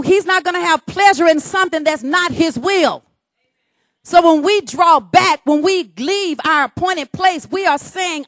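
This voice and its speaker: A woman's voice: extremely high pitch, a bit bright, no room sound, clean studio sound. A woman preaching a sermon, emphatic and calling on her congregation to respond.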